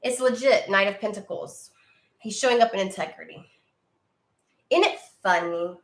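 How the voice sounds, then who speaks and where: A woman's voice: medium pitch, normal speed. Blunt, profane woman reading tarot. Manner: blunt and profane, talks to viewer directly. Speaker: tarot reader. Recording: echoey room.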